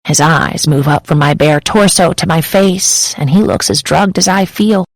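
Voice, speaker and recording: Gravelly-voiced woman narrating romance. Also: low voice, moderate pace, no room sound, low-quality recording. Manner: intimate, emotive storytelling. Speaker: audiobook narrator. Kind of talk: first-person romance audiobook narration.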